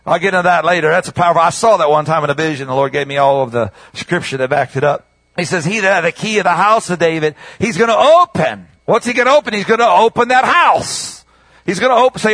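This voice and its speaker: Man, preacher, sermon, call-and-response, high voice, repeats and stumbles, dry close recording. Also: lively intonation, brisk, no room sound. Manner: call-and-response preaching, rising to shouts on key words; stumbles and repeats words, drawls quoted scripture.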